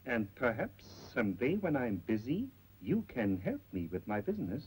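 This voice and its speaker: An actor as a smooth, sing-song shopkeeper. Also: male voice, medium pitch, normal speed, a little hiss or hum, natural voice, poor audio. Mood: coaxing. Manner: coaxing, flattering, sing-song. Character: smooth, ingratiating male shop owner. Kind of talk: 1930s film acting.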